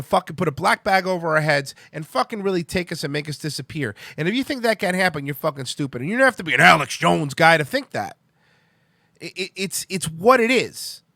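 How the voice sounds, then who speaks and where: Young male host, high voice, heated profane ranting, dry close sound. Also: animated, quick pace, sharp tone, no room sound. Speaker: podcast host. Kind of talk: ranting live-stream talk.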